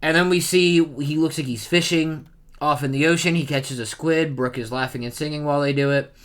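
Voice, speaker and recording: A man's voice: on the high side, steady tone, a little fast, fairly bright tone, smooth. A man giving casual reaction commentary on a manga chapter, rambling with many fillers.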